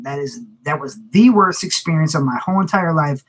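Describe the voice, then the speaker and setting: A man's voice: fairly high pitch, fairly quick, fairly bright tone, poor audio. A man, vlogging and telling a rambling personal story, repeating words and laughing as he goes. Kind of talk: casual storytelling to camera.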